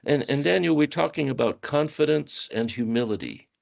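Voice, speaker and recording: A man's voice: on the high side, moderate pace, vocal fry, dull audio. A man hosting a panel discussion, thoughtful and affirming as he poses questions. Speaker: host.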